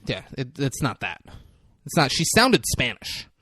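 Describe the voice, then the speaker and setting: A man's voice: mid-range voice, measured pace, husky, no room sound, studio quality. A man co-hosting a podcast, recapping a movie in casual chat and acting out the characters' lines. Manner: animated, acts out lines in put-on voices. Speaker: podcast co-host. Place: podcast studio.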